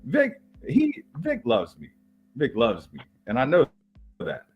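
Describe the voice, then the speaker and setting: A man's voice: medium pitch, huge pitch swings, slow, slightly rough, lo-fi sound. A man, a wrestler, trash-talking on a podcast in a boastful, slangy, swaggering way.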